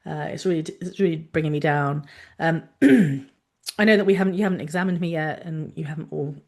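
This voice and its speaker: A woman's voice: deep voice, fairly quick. A woman speaking as a worn-out mother and teacher who hesitantly but firmly asks a doctor for help. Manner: hesitant, quietly insistent. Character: weary mother and teacher, patient pressing doctor.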